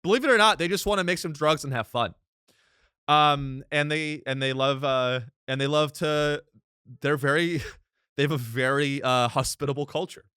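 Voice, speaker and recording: A young man hosting a comedic podcast, commenting sarcastically on a clip and ranting in loud bursts. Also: on the high side, moderate pace, clear, resonant tone, no room sound, studio quality. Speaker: podcast host.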